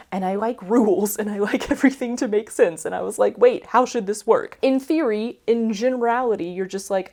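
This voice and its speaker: A woman's voice: medium pitch, darkish tone. Young woman, casual book vlogger, rambling and chatty. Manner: chatty, rambling, asks viewers for opinions. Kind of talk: casual chat to camera.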